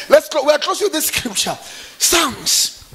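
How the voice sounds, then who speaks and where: At a church conference, a pastor preaches a fervent sermon, throwing call-and-response questions to the congregation. His voice is very high-pitched with a fairly bright tone, and there is slight background noise.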